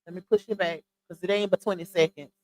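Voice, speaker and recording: A woman's voice: fairly low pitch, fairly even intonation, fast, very noisy. A woman hosting a live stream, chatting casually and incredulously to her viewers, with laughing asides. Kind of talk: casual commentary on a clip.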